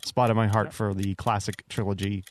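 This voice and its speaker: A man co-hosting a casual podcast who also handles the audio, talking in a halting way. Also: on the low side, little pitch movement, slight background noise. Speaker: podcast co-host and audio editor.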